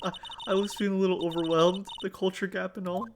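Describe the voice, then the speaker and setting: A streamer voicing a cheerful, excitable young woman sidekick in a raised voice, over game music. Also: medium pitch, quick pace, noisy background, lightly acted. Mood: shy.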